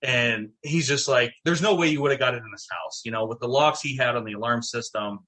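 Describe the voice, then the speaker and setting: Casting note: middle-aged man, bright husky voice, lively storyteller who swears freely. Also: mid-range voice, a little fast. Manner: animated, swearing, acts out quotes. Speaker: guest, town mayor. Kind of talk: casual storytelling.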